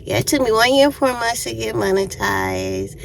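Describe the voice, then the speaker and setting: A woman's voice: on the high side, huge pitch swings, moderate pace, creaky, slight background noise, poor audio. A woman in her fifties casually telling a storytime on her vlog, chatty and often laughing while eating. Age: 50s. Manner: eating while talking to viewers. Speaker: YouTuber.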